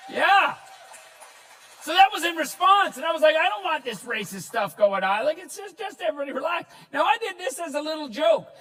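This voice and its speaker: A male comedian from Newfoundland giving a jokey, animated stand-up style keynote to a live audience, with bursts of shouting. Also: extremely high pitch, brisk. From Newfoundland, Canada. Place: large hall. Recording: echoey hall, mic far off.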